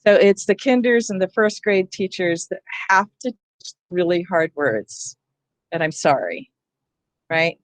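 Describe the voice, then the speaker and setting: A woman's voice: lowish voice, animated, unhurried, dry recording. A woman leading a teacher training session on reading, explaining in a conversational way and often checking in with her listeners. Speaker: literacy trainer.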